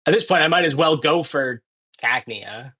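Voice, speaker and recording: A man's voice: on the high side, animated, moderate pace, pushed and bright, slightly rough. A man streaming a speedrun, chatting casually and thinking aloud as he plays, often correcting himself. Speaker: speedrunner playing live. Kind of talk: casual commentary while playing.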